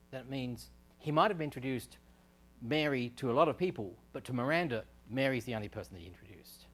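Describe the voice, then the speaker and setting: A man's voice: mid-range voice, animated, brisk. A man giving a university lecture on speech science, explaining step by step, with fillers and restarts. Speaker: research scientist giving a technical talk. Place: lecture room.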